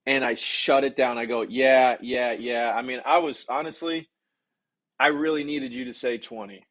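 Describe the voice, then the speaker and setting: Energetic man coaching a live stream. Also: medium pitch, moderate pace. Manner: energetic, repeats "okay?" often; reads viewer comments aloud. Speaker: sales coach. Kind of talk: live-streamed teaching talk.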